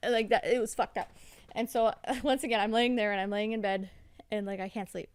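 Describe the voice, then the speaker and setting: A woman's voice: medium pitch, steady tone, fairly quick, clean tone, dry recording. A young adult woman, a podcast guest, telling a story in a rambling, profane way with lots of "like" fillers. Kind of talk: casual storytelling.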